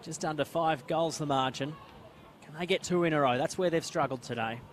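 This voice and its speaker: A man with an Australian accent calling live football play-by-play, quick and rising to shouts at big plays. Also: a little high, slight background noise. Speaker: play-by-play commentator. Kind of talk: live sports commentary.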